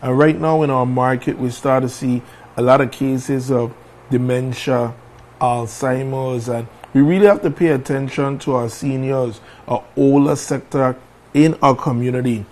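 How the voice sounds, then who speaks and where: A man's voice: medium pitch, fairly even intonation, moderate pace, a little mellow. A man hosting a morning talk show, chatting casually, repeating phrases and letting them trail off.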